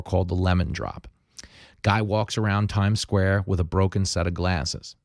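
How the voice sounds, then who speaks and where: A man's voice: low-pitched, no room sound, clean studio sound. A man hosting an opinion podcast, talking emphatically and telling stories with energy. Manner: emphatic, animated storytelling. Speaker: podcast host. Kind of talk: opinion commentary.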